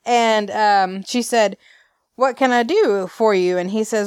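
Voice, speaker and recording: A woman's voice: mid-range voice, steady tone, unhurried, clean tone, no echo, studio quality. A woman from Alabama with a Southern accent, chatting casually as a podcast host and acting out quoted lines with laughs. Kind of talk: casual recap chat.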